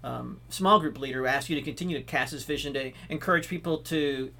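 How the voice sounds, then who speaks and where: A man's voice: on the high side, fast talker, gravelly, pushed and bright. A man, an executive pastor speaking as a podcast guest, enthusiastic and explanatory. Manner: enthusiastic, explanatory, many restarts and fillers. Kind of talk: casual podcast interview.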